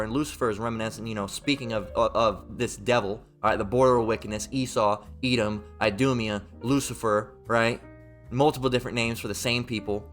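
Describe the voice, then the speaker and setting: A man's voice: medium pitch, moderate pace, fairly bright tone, soft background music. A man giving a heated Bible commentary, mocking, profane and repetitive as he reads and rants. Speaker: Bible teacher.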